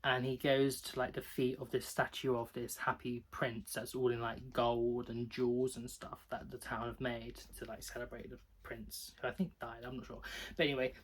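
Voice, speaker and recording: A man talks through his reading in a loose, rambling way, scattering "like" through every sentence. He sounds chatty and giggly, with a voice of middling pitch. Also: flat delivery, moderate pace, slight background noise. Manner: rambling, peppered with "like". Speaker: book vlogger. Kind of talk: casual book review chat.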